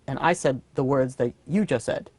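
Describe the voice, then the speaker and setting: A man voicing a shaken wealthy merchant who confesses in a lowered, halting voice. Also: a little mellow, no echo, lightly acted.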